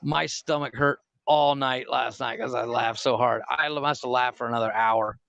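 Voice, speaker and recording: A man's voice: medium pitch, fairly even intonation, normal speed, vocal fry, a bit bright, no echo, dull audio. A man co-hosting a casual comedy podcast, telling a story in a loose, swearing way and laughing often. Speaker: podcast co-host.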